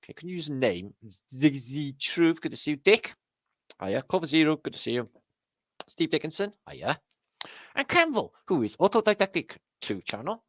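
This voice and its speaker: A man's voice: a little high, sing-song, moderate pace, no echo. A man with a Welsh accent hosting a casual livestream, greeting viewers by name with jokey, sweary banter. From Wales. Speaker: livestream host.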